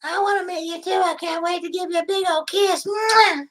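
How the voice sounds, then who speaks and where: High-voiced giggly woman on a prank call. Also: fairly even intonation, quick pace, low-quality recording. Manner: giggly, clingy and overly emotional. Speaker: scam baiter posing as a lonely woman.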